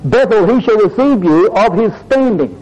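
A man preaches an expository sermon, walking his listeners through the meaning of old place names. His voice sits high for a man and swings widely in pitch as he teaches. He keeps calling the congregation brothers and sisters. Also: lively intonation, moderate pace, darkish tone, highs cut off. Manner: addresses "brothers and sisters", explains Hebrew word meanings.

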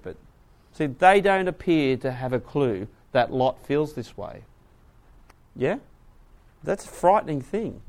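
A man preaching a sermon, retelling a story with lively voices and asking the audience questions. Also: mid-range voice.

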